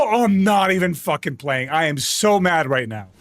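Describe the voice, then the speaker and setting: A man on a live gaming stream with a high voice that leaps all over the place. He rants and yells at his game and his chat in frustration, over a faint steady hum. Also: normal speed, hardly any pauses. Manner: exasperated, ranting, yelling in frustration. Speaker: vtuber streamer.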